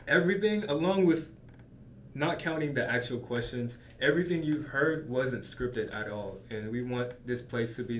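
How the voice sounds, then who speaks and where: A man hosting and editing a podcast, speaking calmly and encouragingly with many affirming hums. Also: mid-range voice. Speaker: podcast host and editor. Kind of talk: casual chat. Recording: echoey room, faint noise.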